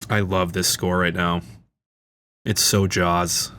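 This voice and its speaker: A man's voice: low voice, little pitch movement, takes it slowly, bright, forceful tone, clean tone. A man hosting a casual film commentary, talking like an enthusiastic fan with frequent fillers and restarts. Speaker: channel host.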